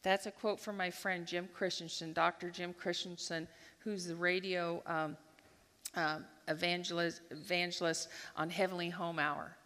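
A woman giving a devotional talk at a church gathering, telling a lively personal story and acting out her own thoughts as she goes. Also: fairly low pitch, normal speed. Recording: long hall reverb.

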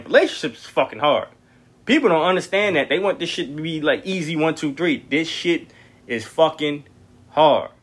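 A young man hosting a podcast, telling stories in a blunt, profane, animated way. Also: fairly high pitch, husky. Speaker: podcast host. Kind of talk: casual storytelling monologue.

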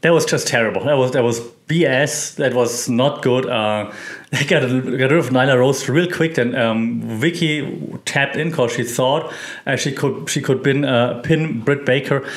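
A man's voice: medium pitch, a little slow. A man hosting a casual recap show, rambling with many fillers and restarts. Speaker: host.

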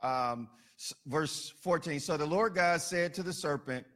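A man's voice: a little high, measured pace, a bit bright. A man preaching a sermon, building emphasis through repetition and dropping into casual asides. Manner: colloquial asides.

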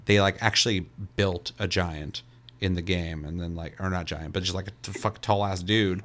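A man's voice: low-pitched, steady tone, normal speed, fairly bright tone. A young man chatting casually as a podcast co-host, loose and profane, rambling with lots of fillers. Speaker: podcast co-host reviewing a video game. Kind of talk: casual chat.

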